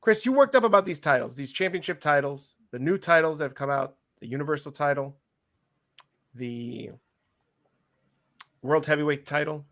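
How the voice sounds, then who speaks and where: Man, podcast co-host, high voice, excitable and teasing. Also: moderate pace, long pauses. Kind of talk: casual wrestling chat.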